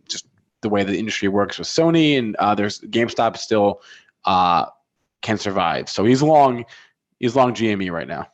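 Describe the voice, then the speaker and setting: A man with a low voice goes over market movers at a steady, hesitant pace, pausing on fillers. His voice comes through a dull, lo-fi line. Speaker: co-host. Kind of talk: casual market talk show chat.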